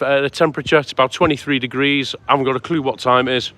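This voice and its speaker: A man's voice: medium pitch, steady tone, racing, pushed and bright. A man live-streaming a walk outdoors, chatting and greeting viewers by name as he goes. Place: outdoors on town streets at sunset. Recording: faint outdoor street noise.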